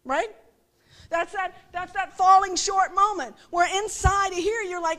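A woman's voice: very high voice, lively intonation, moderate pace, fairly bright tone. A middle-aged woman giving a conversational sermon, often checking that listeners follow her with rhetorical questions. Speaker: preacher.

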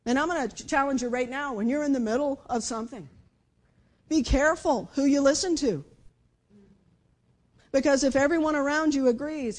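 Woman preaching, high voice, chatty sermon style, gets loud then drops real quiet. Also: fairly even intonation, brisk. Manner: conversational, with dramatic shifts between loud and hushed speech. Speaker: speaker giving a devotional message.

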